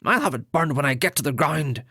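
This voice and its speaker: A man doing an indignant young high priest who shouts in a shrill, nasal whine, his voice pitched well above the reader's own. The line is read aloud from a storybook with a dry, close sound. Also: animated, fairly quick, breathy edge, dry recording, exaggerated voice. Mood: angry. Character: angry tall thin young male high priest.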